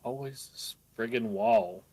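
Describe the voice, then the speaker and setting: A man's voice: medium pitch, lively intonation, a little slow, gravelly, a little mellow, slightly rough, no room sound. A man playing a game with a friend on a stream, explaining the game and teasing his co-player in a dry way. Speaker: guest co-player. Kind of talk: casual gameplay chat.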